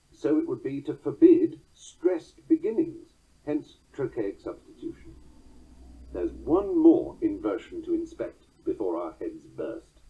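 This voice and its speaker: Husky man lecturing over a tinny line. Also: fairly low pitch. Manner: measured, slows down to recite quoted verse. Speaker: teacher explaining verse meter. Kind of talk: scripted lecture narration. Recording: narrow, phone-like sound.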